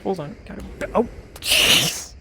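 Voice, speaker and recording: A man's voice: slow pace, bright, forceful tone, a little hiss or hum. A young man, streaming a VR game and rambling to himself and his chat, often muttering under his breath. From Canada. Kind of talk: casual gameplay commentary.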